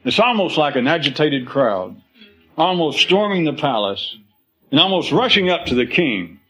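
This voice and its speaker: A man's voice: fairly high pitch, sing-song, moderate pace, bright, forceful tone, slightly rough, soft background music, low-quality recording. A man speaking to a live audience in a rambling, philosophical way, acting out quoted voices and laughing as he goes.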